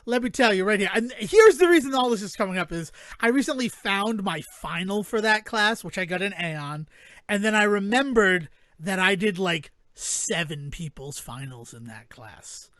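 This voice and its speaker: High-voiced man, rambling storyteller. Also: animated, normal speed, a bit bright, dry recording. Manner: rambling storyteller, chuckles often. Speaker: podcast co-host. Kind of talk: casual chat.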